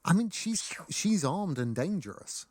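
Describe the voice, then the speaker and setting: Animated man, wry podcast co-host. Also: sits high, a little slow. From Britain. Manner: wry, animated, acts out quoted scenes. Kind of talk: casual chat.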